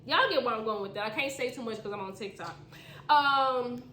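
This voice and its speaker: A woman podcast host reading her own story aloud, breaking off with animated, slangy asides. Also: on the high side, fast, a little hiss or hum. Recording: echoey room.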